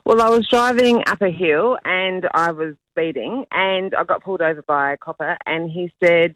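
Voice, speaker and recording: A man phoning in to a radio show, quick and jokey as he tells his story. His voice sits somewhat higher than most men's. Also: a bit bright, dry recording, poor audio. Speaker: caller. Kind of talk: phone-in anecdote.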